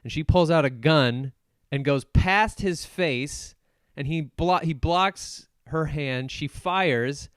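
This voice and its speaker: A man hosting a podcast alone, casually recapping a film with jokes, laughs and quick put-on voices for the characters. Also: a little high, fairly bright tone, clean tone, no echo, clean studio sound. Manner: joking, acts out movie characters in quick voices; laughs often while retelling. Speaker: podcast host. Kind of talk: solo casual movie recap.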